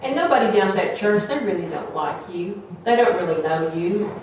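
A woman's voice: mid-range voice, animated, fairly quick, a little mellow, a little hiss or hum. A woman preaching a folksy sermon to a small congregation, sometimes acting out gossip in playful voices. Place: small church hall. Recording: echoey room from far off, faint ambience.

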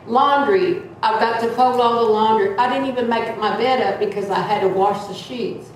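A woman giving a loud, earnest, plain-spoken sermon-style talk in a church. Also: fairly high pitch, normal speed, a little hiss or hum. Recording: echoey room from far off.

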